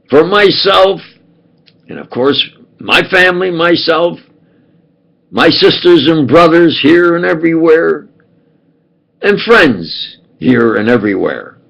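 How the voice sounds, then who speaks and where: Slow, gravelly older New York man. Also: fairly high pitch, expressive, fairly bright tone, dull audio. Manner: halting, wandering, many fillers and restarts. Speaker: video blogger. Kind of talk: rambling monologue.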